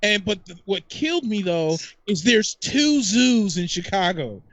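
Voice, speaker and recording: A man on a podcast telling an exasperated, animated story in casual chat. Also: high voice, unhurried, dry recording, dull audio. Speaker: podcast co-host.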